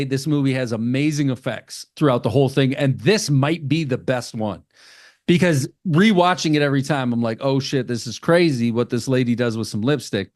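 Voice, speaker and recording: A man co-hosting a podcast, casually recapping a horror movie with profanity and jokey character voices. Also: medium pitch. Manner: swearing, acts out characters in quick funny voices. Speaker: podcast co-host.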